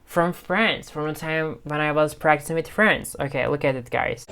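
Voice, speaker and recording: A man's voice: a little high, normal speed, creaky, heavy background noise. A man teaching English casually to a phone camera, chatty, repeating phrases and checking in with "okay?". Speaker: English-learning YouTuber.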